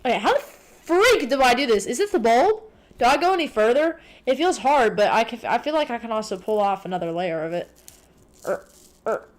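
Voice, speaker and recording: A woman streamer chatting casually to her viewers, rambling, excitable and full of swearing. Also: on the high side, fairly quick. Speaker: livestreamer. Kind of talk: casual livestream chat.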